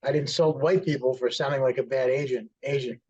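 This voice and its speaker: A man's voice: medium pitch, fairly even intonation, a little fast, darkish tone. A man co-hosting a casual podcast, giving short dry replies and wisecracks. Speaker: podcast co-host. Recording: husky muffled lo-fi sound.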